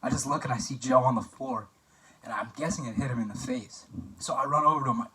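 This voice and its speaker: A man's voice: mid-range voice, quick pace, pushed and bright. Chatty young man toasting from a distance. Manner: chatty and joking, with filler words and anecdotes. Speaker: best man giving a wedding toast. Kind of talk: mock wedding toast for a class assignment.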